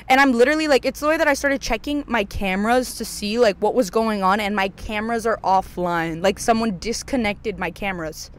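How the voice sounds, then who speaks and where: A young adult podcast host telling a story casually, swearing often, full of fillers, acting out their own past lines, and swinging high and loud when excited. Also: a little fast, smooth, no echo.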